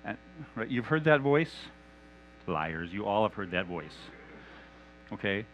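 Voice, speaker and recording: A man preaching a sermon in an animated, conversational and humorous manner. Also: fairly low pitch, a little slow, highs cut off, a little hiss or hum.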